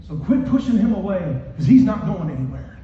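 A male pastor preaching a sermon with emphatic repetition, moving from raised, shouted lines to soft ones. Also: sits high, very animated, brisk, a little hiss or hum. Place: church hall. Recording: echoey hall from far off, dull.

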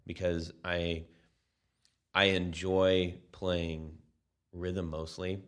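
Deep-voiced man, slow and thoughtful. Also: flat delivery, fairly bright tone, clean tone. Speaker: podcast co-host. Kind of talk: casual podcast conversation.

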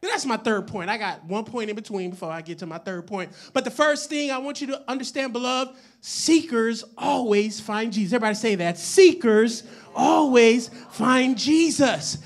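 A man pastor preaching a sermon to a live congregation, calling for responses, swinging from loud declarations to hushed asides, and joking with laughing asides. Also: high voice, lively intonation, fairly quick, few pauses. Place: church service with live congregation.

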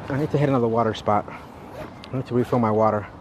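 A man talks into his phone as he walks a city street, chatting casually and swearing freely while he plays a mobile game. His pitch sits mid-range. Traffic and street noise run clearly behind him the whole time. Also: steady tone, very fast. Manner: profane, chatty, loud exasperated outbursts. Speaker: vlogger playing a mobile game. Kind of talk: casual live walking vlog. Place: outdoors on a city street, walking.

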